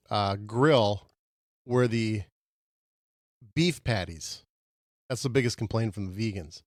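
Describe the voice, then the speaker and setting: A man co-hosting a podcast, reviewing fast food in casual chat and making his case with animated, argumentative energy. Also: medium pitch, dry recording, studio quality. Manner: animated, argumentative, talks with mouth full. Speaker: podcast co-host.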